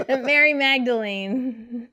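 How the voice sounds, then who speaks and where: A woman's voice: high voice, very animated, extremely slow, sharp tone. A woman in a casual chat, giggling and unsure as she guesses. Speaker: podcast co-host.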